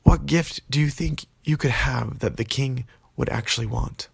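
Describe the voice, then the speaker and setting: A gruff ogre guard from a storybook eyes newcomers and questions them in a gravelly, husky voice, as a man puts him on. The recording is dry and close. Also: medium pitch, moderate pace, no room sound, full character voice. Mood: suspicious. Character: gruff, suspicious male ogre door guard.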